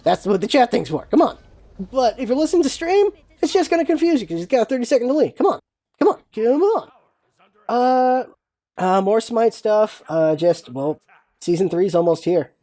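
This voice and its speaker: A gaming vlogger speaks alone on camera in a slightly high, dark-toned voice that swings widely in pitch, moving at a normal speed. Casual but blunt, she repeats herself for emphasis and throws in some mild cursing.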